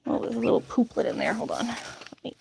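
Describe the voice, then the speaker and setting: A woman's voice: fairly high pitch, big pitch swings, a little fast, vocal fry, a little mellow, slight background noise. A young woman chatting casually in a chicken coop, laughing often and cooing at her birds. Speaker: vlogger tending chickens. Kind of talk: casual chat. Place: backyard chicken coop at night. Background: chickens clucking.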